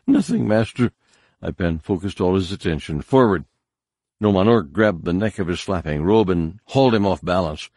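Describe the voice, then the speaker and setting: A man narrating a story in measured scripted narration, giving harsh commanding voices to the characters. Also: deep voice, darkish tone, no echo, studio quality. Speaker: audiobook narrator.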